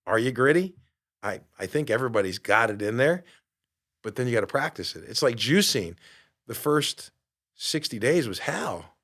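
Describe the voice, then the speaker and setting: Middle-aged male podcast host, mid pitch, emphatic and preachy, lots of rhetorical questions, curses casually. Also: big pitch swings, moderate pace, a bit bright. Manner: swears casually. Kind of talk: motivational podcast talk.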